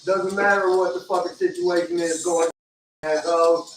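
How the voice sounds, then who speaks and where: High-voiced man swearing on a livestream. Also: steady tone, unhurried. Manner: profane, joking, reads out viewer comments. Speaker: livestream host. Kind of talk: casual livestream chat. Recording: echoey room, mic far off, music behind.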